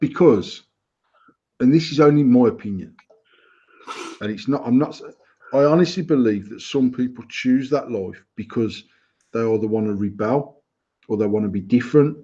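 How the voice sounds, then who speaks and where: A British man on a casual podcast, airing his views bluntly and swearing freely, often restarting his sentences. His voice is husky, with a middling pitch. The recording sounds a little dull and lo-fi. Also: normal speed, pauses often, warm tone. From United Kingdom. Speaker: podcast co-host.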